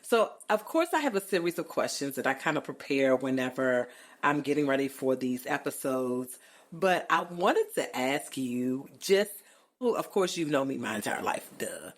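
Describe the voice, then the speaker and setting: A middle-aged woman with a low voice hosts a podcast in a casual, chatty way. She speaks emphatically and playfully, leaning on colloquial phrasing. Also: sing-song, normal speed. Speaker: podcast host. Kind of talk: casual chat.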